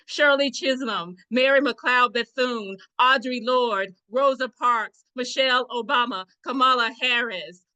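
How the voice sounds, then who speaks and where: A woman poet performs spoken-word verse in slow, deliberate phrases with meditative pauses. Her voice is bright and smooth, with a crisp clarity, and she takes her time over every line. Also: a little high, rough recording.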